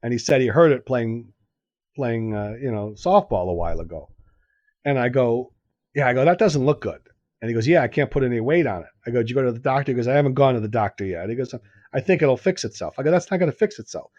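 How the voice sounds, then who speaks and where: A man's voice: medium pitch, fast, no echo, lo-fi sound. Man spinning a bewildered anecdote, dry sound. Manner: animated anecdote-telling, acts out dialogue, laughs often. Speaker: podcast co-host telling a story. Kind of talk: casual chat, storytelling.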